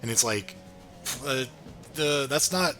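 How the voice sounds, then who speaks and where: A man with a bright, forward voice chats in a relaxed, halting way, laughing easily as he talks. Faint music plays quietly behind him. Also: medium pitch. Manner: easygoing, laughs often, hesitant phrasing. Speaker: podcast co-host. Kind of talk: casual chat.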